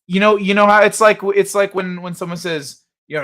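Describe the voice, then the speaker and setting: A man's voice: sits high, steady tone, fairly quick, hardly any pauses, fairly bright tone. A man hosting a casual livestream, rambling and joking with his chat. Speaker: livestream host.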